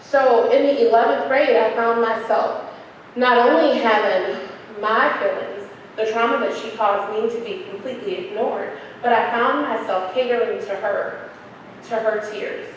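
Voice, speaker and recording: A woman's voice: fairly high pitch, unhurried, lo-fi sound. A young adult woman telling a personal story to an audience, acting out the voices of the people in it. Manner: animated, acts out quoted voices. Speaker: speaker. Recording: echoey hall, distant mic, faint noise.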